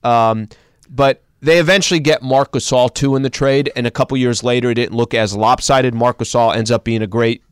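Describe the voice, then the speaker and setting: A man's voice: medium pitch, steady tone, moderate pace, clean tone, dry recording. A man hosting casual sports talk, recounting games in a conversational way with fillers.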